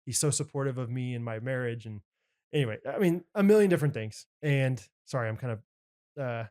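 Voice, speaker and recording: A man's voice: medium pitch, a little fast, darkish tone. A young man co-hosting a podcast, telling a story in an earnest, rambling way with lots of filler words. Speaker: podcast co-host. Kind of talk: casual chat.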